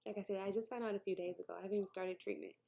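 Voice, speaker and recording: A woman's voice: medium pitch, steady tone, racing, vocal fry, warm tone. A woman, talking candidly and emotionally to camera in a personal vlog, sometimes dropping to a near-whisper and laughing between thoughts. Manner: laughs between thoughts, jokes about her news. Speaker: vlogger.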